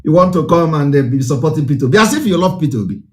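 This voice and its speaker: A man's voice: fairly high pitch, expressive, very fast, darkish tone. A man with a Nigerian accent giving an impassioned broadcast address, fiery and declamatory with lots of repetition. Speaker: political broadcaster.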